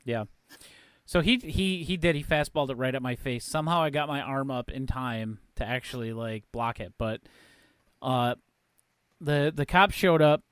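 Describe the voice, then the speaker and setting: A man co-hosting a podcast recounts an incident in casual chat, moving through it step by step. His voice is smooth and clear, at a middle pitch. The sound is dry and close. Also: normal speed, no echo. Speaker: podcast co-host.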